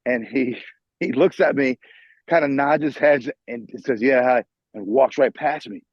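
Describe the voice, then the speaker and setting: A middle-aged New man tells a swearing, restart-filled story over a video call. His husky voice sits at an ordinary pitch, and the line sounds dull and dry. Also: unhurried, no room sound. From New York. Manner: profane, animated storyteller with many restarts. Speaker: guitarist guest. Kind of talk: casual interview storytelling. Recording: muffled video call audio.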